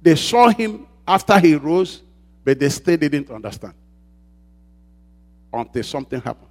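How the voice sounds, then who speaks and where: High-pitched male preacher, call and response, shouting then going quiet. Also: sing-song, unhurried. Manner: call-and-response preaching, asks the congregation to fill in words; swings from loud shouts to quiet low asides. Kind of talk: sermon.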